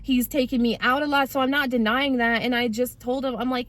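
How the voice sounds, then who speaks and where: A woman's voice: a little high, a little fast, hardly any pauses. A woman in her twenties telling her personal testimony in a casual, slangy way, talking straight to her viewers. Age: 20s. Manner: casual, animated, slangy, addresses viewers directly. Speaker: vlogger sharing her testimony.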